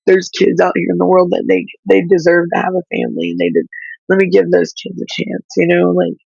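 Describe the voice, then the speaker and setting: A woman whose child is in foster care, speaking through tears in halting, pleading talk that stops and restarts. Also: on the low side, creaky, a little mellow, slightly rough, no room sound, dull audio. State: crying, tearful. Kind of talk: emotional livestream talk.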